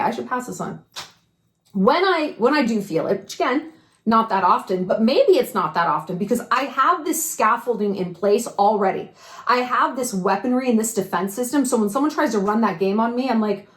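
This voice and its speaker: A woman with a fairly high voice talks straight to camera, frank and animated, her pitch leaping all over. She swears freely and peppers her advice with pointed rhetorical questions. The room around her sounds echoey. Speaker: advice vlogger. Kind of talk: casual advice monologue.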